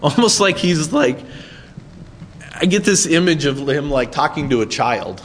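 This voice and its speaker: A man's voice: a little high, animated, a little slow, big-room sound, a little hiss or hum. A man preaching a sermon in a conversational way, often checking in with his listeners. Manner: conversational, asks listeners "right?". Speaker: pastor.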